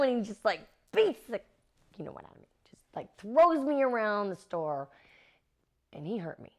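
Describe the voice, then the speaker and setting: A middle-aged actress being interviewed, animatedly telling stories and acting out the quotes. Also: female voice, medium pitch, normal speed. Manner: animated, acts out quotes with laughs. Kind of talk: anecdotal interview storytelling.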